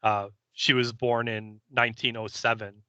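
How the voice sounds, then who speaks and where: A man co-hosting a podcast, casually recapping an episode scene by scene and slipping into quick character voices. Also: medium pitch, level tone, bright, forceful tone, smooth, dry recording. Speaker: podcast co-host.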